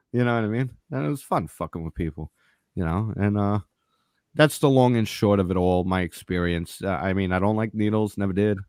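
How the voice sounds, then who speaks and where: A man with a fairly low voice tells a quick-paced story in a casual podcast chat, swearing constantly and animatedly imitating the other people in it. The recording has no room sound and a clean studio quality.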